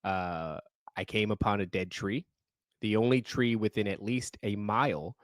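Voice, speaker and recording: Animated, profane male podcast co-host. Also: fairly low pitch, a little slow, no echo, studio quality. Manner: animated, profane, laughs while reading. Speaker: podcast co-host reading listener stories. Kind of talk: casual podcast chat.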